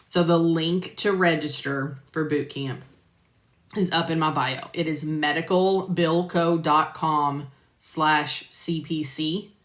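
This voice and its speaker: A woman's voice: sits low, fairly even intonation, slow. A woman teaching medical coding, chatting casually on a live stream and answering viewers by name with lots of fillers. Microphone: phone or computer mic on a live stream. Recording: roomy echo.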